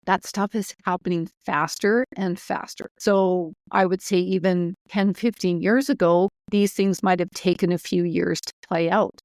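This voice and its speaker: A woman's voice: fairly low pitch, a little mellow, no room sound. A woman co-hosting a spiritual podcast, giving firm, direct advice in a casual way. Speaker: co-host.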